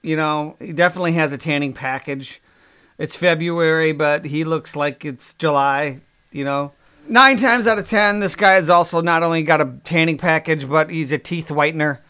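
A man's voice: fairly high pitch, normal speed, pushed and bright, clear, resonant tone. A man hosting a podcast, ranting in a sarcastic, crude, exasperated comedic monologue. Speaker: podcast host.

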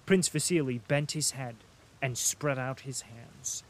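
A man narrating a classic novel as an audiobook in a measured, even reading. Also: medium pitch, low-quality recording.

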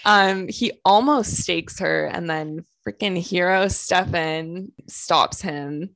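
A young woman co-hosts a podcast and recaps an episode in loose, crude, joking chat. Her voice sits a little low and has a gravelly fry, and the recording is dry with no room sound. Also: takes it slowly, fairly bright tone, no room sound. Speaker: podcast co-host.

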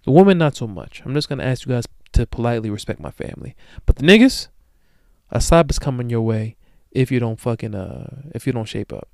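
Brief: young male podcast host, smooth clear voice, dry close sound, profane joking slang rant. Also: lively intonation, fast talker, hardly any pauses, dry recording. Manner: swings between loud bursts and low mutters. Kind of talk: solo podcast monologue.

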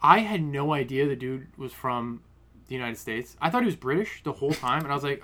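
A man leading a relaxed movie chat, throwing out teasing asides and laughing freely. His voice sits in a comfortable middle register. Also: medium pitch, fairly quick. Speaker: podcast host. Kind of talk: casual movie discussion.

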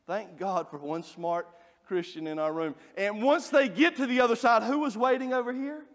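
A man preaching a sermon, folksy and joking as he tells animated stories. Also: sits high, normal speed. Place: church. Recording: long reverb of a church hall.

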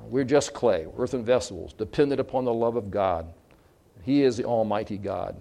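A man's voice: fairly low pitch, normal speed, vocal fry, warm tone. Earnest male preacher mid-sermon. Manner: earnest, with fillers and restarts. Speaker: pastor.

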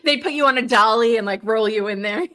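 A woman hosting a podcast in casual chat, tossing in quick, teasing questions and remarks. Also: on the high side, bright, forceful tone. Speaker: podcast host.

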